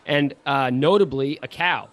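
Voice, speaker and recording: A man narrating as game master of a tabletop game, in a relaxed way with many fillers. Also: medium pitch, measured pace.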